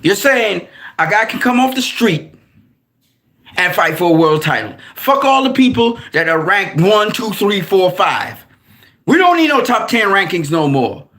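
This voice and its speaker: Angry man ranting, high voice that swings wide. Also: unhurried. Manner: angry, heated, profane ranting; animated, repeats "man". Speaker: boxing commentator. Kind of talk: ranting commentary.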